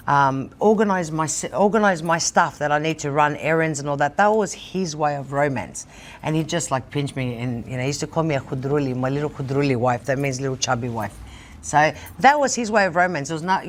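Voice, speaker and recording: A middle-aged woman from Australia, hosting a casual studio chat and telling stories in a candid, blunt way. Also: low-pitched. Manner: candid, blunt storyteller, swears freely. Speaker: host.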